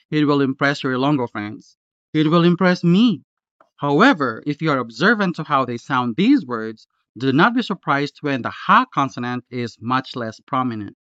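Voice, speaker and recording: A man from the Philippines, a Hiligaynon speaker, teaching a language lesson slowly and patiently, repeating each example word. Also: on the high side, a bit bright, smooth, no room sound, highs cut off. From Philippines (Western Visayas). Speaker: language tutor. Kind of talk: slow, careful language lesson.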